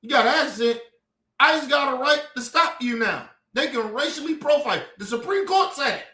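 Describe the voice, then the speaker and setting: A high, bright-toned man from the United States rants hard on a live stream. His pitch swings widely as he swears and hammers his points home. The sound rings with room echo. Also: expressive, brisk. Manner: profane, fiery and emphatic, lecturing the audience. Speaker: streamer and commentator. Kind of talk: heated streamed commentary rant.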